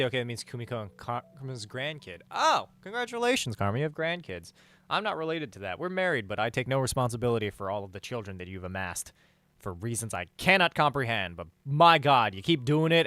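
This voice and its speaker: A man's voice: mid-range voice, fairly bright tone. Rambling, joking male streamer. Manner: rambling, joking, swears, lots of "like". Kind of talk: casual chat with live chat. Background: faint music.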